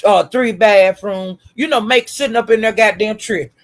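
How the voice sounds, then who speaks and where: A woman's voice: mid-range voice, normal speed. A woman ranting in a YouTube commentary, scolding and swearing nonstop with repeated insults. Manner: profane, scolding, repetitive insults.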